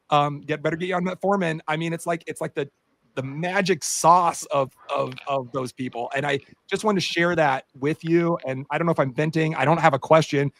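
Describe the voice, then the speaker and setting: Animated man telling a story, dry sound. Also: a little high, moderate pace, dry recording. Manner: animated storytelling, many fillers. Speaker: podcast co-host, doctor. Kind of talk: casual podcast chat.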